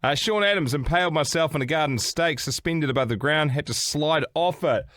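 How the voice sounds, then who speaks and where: A man's voice: a little high, a little fast, fairly bright tone, no echo, clean studio sound. A man co-hosting a casual podcast, reading items aloud and cracking sweary jokes. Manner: joking, sweary, reading out a list with quips. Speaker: podcast co-host.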